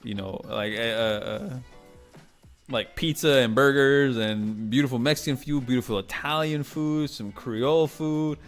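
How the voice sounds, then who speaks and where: Male streamer, mid-range voice, chatty and excitable, faint music bed. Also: medium pitch, measured pace. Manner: rambling, animated, swearing, many restarts. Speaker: livestream host. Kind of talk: casual live-stream chat.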